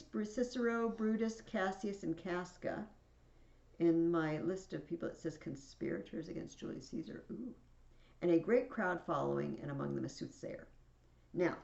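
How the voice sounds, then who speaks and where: A woman's voice: on the low side, creaky, roomy sound, highs cut off. A woman teacher casually explaining a play to a class, with chatty asides, reading scenes aloud.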